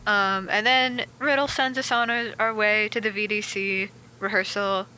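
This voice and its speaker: A woman's voice: medium pitch, fairly even intonation, sharp tone, poor audio. A woman co-hosting a podcast, summarizing the story casually. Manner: brisk plot summary with fillers. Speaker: podcast co-host. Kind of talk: casual chat. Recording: faint fan hum.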